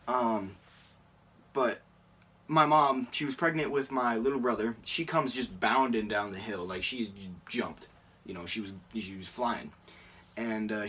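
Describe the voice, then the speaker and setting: A teenage boy talks through a casual question-and-answer vlog in a slightly low voice. He rambles, fills gaps with lots of ums and uhs, and chuckles at his own stories. He sounds a little distant from the microphone. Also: fairly bright tone. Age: teens. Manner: rambling, many fillers, laughs at himself. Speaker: YouTuber.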